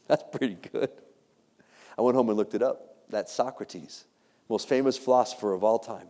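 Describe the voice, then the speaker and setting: Speaking to a live crowd in a big hall with long reverb, a middle-aged keynote speaker from the United States tells motivational stories full of jokes, performing the voices of the characters. He sounds lively and a little high-pitched, moving at a quick pace.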